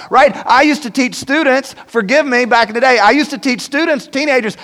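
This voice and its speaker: A man preaching in a relaxed, conversational way, checking in with the room through repeated "right?" tag questions. His voice sits high for a man. The sound carries a long reverb, like a large church auditorium. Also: a little fast, few pauses. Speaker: pastor. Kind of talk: sermon.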